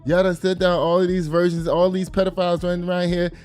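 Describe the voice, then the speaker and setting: A man's voice: high-pitched, flat delivery, quick pace, a little mellow, clean tone, soft background music. A man hosting a casual commentary vlog, chatty and profane, talking straight to his viewers.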